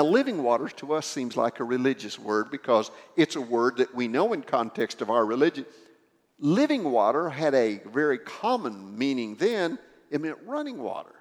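A man preaching a sermon, explaining a scripture passage in an animated storytelling manner. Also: mid-range voice. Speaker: pastor. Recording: echoey hall with long reverb.

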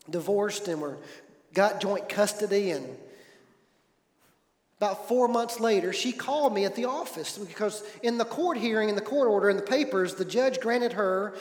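A man preaching a sermon, telling a personal story, swinging from loud emphatic stretches to hushed ones. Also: high voice, echoey room, in a large hall. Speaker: pastor.

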